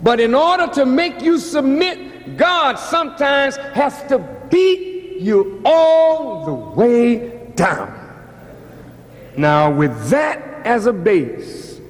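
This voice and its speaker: Man, preaching lecture, slow deliberate delivery, long hall echo. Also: high-pitched. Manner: preaching, dramatic, acts out quoted voices. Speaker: activist lecturer. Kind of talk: sermon-like public lecture.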